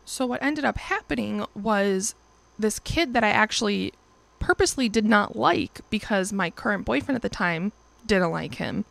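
A woman's voice: medium pitch, moderate pace, gravelly, fairly bright tone, no echo. A young woman in her twenties casually telling a personal story as host, chatty and profane, acting out quoted lines in livelier voices. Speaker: podcast or vlog host.

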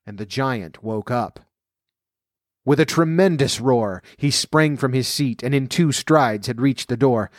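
A man reading a fairy tale aloud at a steady, measured pace. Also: medium pitch, dry recording, studio quality. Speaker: storyteller.

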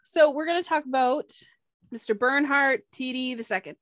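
A woman's voice: high voice, moderate pace, a bit bright, dry recording, studio quality. A woman co-hosting a casual podcast, presenting her topic in a chatty, blunt way with swearing and asides.

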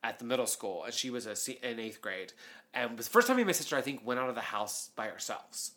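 A man's voice: mid-range voice, expressive, fast talker, pushed and bright. A man co-hosting a podcast in casual chat, theatrical and chatty, swearing freely. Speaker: podcast co-host.

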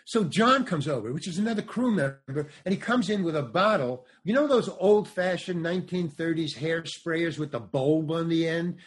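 An older man, a comedian and actor, telling anecdotes as a guest in an animated way and acting out other people's lines. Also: fairly high pitch, normal speed, hardly any pauses. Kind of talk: anecdotal storytelling.

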